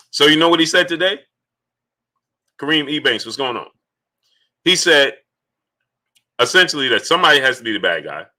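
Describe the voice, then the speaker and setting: Male livestream host, very bright tone, loose chatty delivery, mid pitch. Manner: loose and conversational, greets viewers by name, repeats himself. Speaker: livestream sports host reading Super Chats. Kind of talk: casual live-stream talk.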